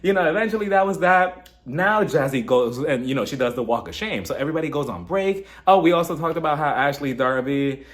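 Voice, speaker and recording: Man reviewer, lively higher voice, chatty and snarky; recap vlog host. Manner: animated, mocking, quick to do impressions. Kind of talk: casual reality-TV recap commentary.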